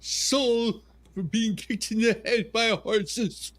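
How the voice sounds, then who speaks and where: A man voicing a whiny, dim-witted young stable boy in a shrill, petulant way. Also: fairly even intonation, takes it slowly, fairly bright tone.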